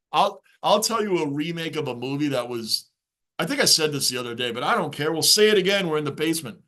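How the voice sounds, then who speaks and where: A man's voice: fairly high pitch, expressive, quick pace, bright, forceful tone. A man hosting a live sports reaction stream from his basement, ranting casually and reading viewer chat aloud.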